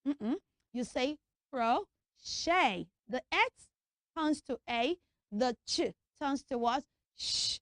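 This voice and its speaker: A young woman presenting a children's TV lesson, coaxing answers in a lively call-and-response way. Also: high-pitched, slow pace, dry recording, studio quality.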